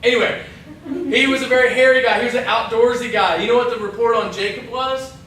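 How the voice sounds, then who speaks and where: Bright-voiced man teaching Bible class. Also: very high-pitched, fairly even intonation, fast, slight background noise. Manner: chatty, self-interrupting, jokey asides. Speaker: youth pastor. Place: church hall. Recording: echoey hall from far off.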